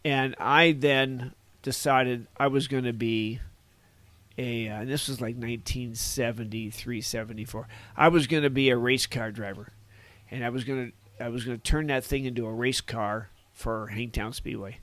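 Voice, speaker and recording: A man in his sixties from Northern California, reminiscing as a podcast guest. His voice sits at an ordinary middle pitch and is recorded dry and close. He wanders through his stories with folksy asides and chuckles at his own tales. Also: fairly even intonation, moderate pace, a bit bright, no room sound. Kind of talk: casual reminiscing storytelling.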